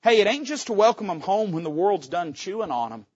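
A pastor delivers an impassioned sermon, his fairly high voice climbing into loud peaks and then dropping to quiet asides. The sound is dry and a little dull, as if recorded close on a modest mic. He speaks with folksy directness. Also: very animated, fairly quick, husky, no echo. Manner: impassioned preaching, swinging between soft asides and loud climaxes. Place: church sanctuary.

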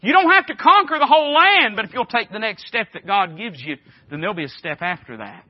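A man's voice: sits high, expressive, a little fast, dry recording. A man preaching a sermon, his delivery swelling and dropping in emphatic waves. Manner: emphatic preaching with rising and falling intensity. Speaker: pastor. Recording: dull dry sound.

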